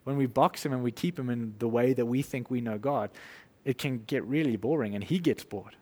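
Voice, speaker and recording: A man preaching an informal sermon, conversational and animated, acting out little quotes and laughing as he goes. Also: medium pitch, fairly quick, big-room sound.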